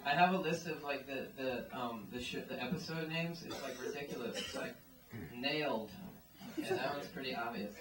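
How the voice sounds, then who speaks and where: A man's voice: medium pitch, normal speed. A man doing a stand-up comedy set, rambling through his jokes with lots of "like" and "um" fillers. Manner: rambling, filler-heavy delivery full of "like" and "um". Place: small live comedy venue. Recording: echoey room, mic at a distance.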